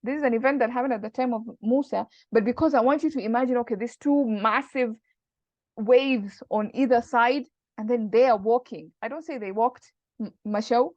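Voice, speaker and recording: A woman's voice: a little high, normal speed, darkish tone, no echo, lo-fi sound. A woman teaching Arabic grammar in a casual online lesson, explaining patiently and quoting Arabic phrases.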